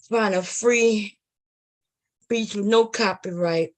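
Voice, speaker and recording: A woman streaming late at night, telling a profane comic story and acting out scenes, often loud and animated, into a computer mic. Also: mid-range voice, slow, long pauses. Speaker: comedy streamer.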